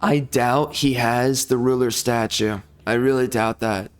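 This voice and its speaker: A man's voice: mid-range voice, steady tone, measured pace, clear, resonant tone, soft background music. A young man commenting on his strategy game, grumbling and exasperated as things go wrong. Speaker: gameplay streamer. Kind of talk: frustrated gameplay commentary.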